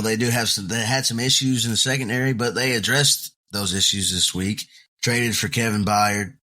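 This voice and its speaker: A man co-hosting a sports podcast, calmly breaking down games in a casual chat. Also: lowish voice. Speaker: podcast co-host.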